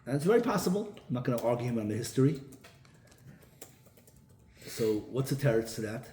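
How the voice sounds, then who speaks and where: A man's voice: medium pitch, big pitch swings, fairly quick, warm tone. A man, a rabbi giving a storytelling sermon who acts out the people in his stories. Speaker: rabbi giving a Torah talk. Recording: echoey room with faint ambient noise.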